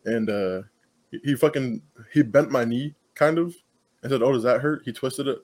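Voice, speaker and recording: A man's voice: mid-range voice, moderate pace, darkish tone. A young man co-hosting a casual podcast, talking in a blunt, laid-back, profane way. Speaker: podcast co-host. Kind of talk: casual chat.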